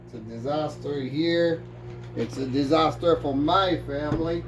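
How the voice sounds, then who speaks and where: This man, a vlogger with a French accent, cooks on camera at home, chatting and rambling with jokey asides. He speaks unhurriedly in a voice on the high side. The kitchen sounds echoey, with faint background noise.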